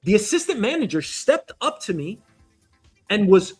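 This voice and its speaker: A man, hosting his own show and telling a story as an indignant, animated rant. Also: high-pitched, normal speed, husky, soft background music. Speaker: show host. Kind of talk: casual ranting monologue. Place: New York.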